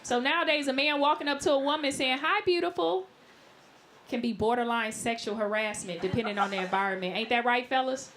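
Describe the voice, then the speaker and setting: A woman doing a brash, animated stand-up set in a live club, laughing at her own jokes. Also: fairly high pitch, quick pace, few pauses. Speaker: stand-up comedian. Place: live comedy club, New York. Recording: loud noise on a live club recording.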